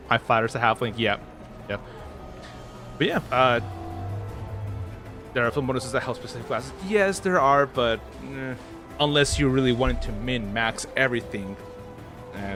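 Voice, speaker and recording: Game music plays behind a man chatting casually on his gaming livestream. He talks at medium pitch and normal speed with long pauses, rambling, restarting often, using lots of fillers, and laughing readily.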